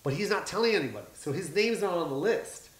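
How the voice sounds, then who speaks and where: Male stand-up guest, animated raconteur, slightly high voice, roomy echoey sound. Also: quick pace, a little hiss or hum. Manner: animated, acts out quotes, frequent swearing. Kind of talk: casual podcast storytelling. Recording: echoey room.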